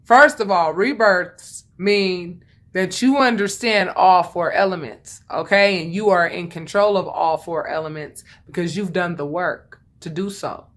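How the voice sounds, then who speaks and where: A woman's voice: fairly low pitch, measured pace. Blunt, chatty woman reading tarot. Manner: blunt, chatty, swears freely, emphatic repetition. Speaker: tarot reader. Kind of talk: casual tarot reading monologue.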